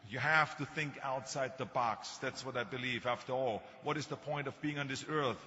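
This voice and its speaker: A man's voice: on the high side, bright, forceful tone, a little hiss or hum. An older man with a thick Austrian German accent gives a motivational speech, telling stories with dry humor. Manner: storytelling with humor. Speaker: speaker. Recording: muffled hall recording.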